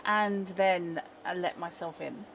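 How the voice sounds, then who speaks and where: A woman's voice: on the low side, fairly even intonation, slow, background noise. A woman playing in a tabletop game, chatting casually in a wry, talkative way. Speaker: player.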